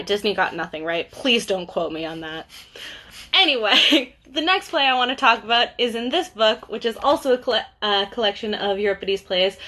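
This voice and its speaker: A young woman who works as a bookseller hosts a casual book talk on a livestream, her speech full of fillers and asides. Her mid-range voice sounds pushed and bright.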